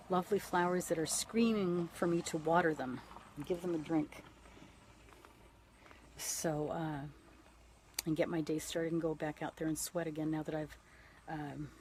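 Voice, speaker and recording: Husky, low-voiced woman in her fifties. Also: darkish tone. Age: 50s. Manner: frank and profane, talking straight to viewers. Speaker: livestream host. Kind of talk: casual livestream chat.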